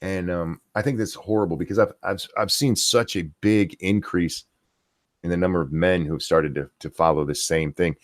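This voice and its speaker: A man's voice: sits low, steady tone, normal speed, no echo, clean studio sound. A middle-aged man ranting profanely on a casual live stream, reading viewer comments aloud as the host.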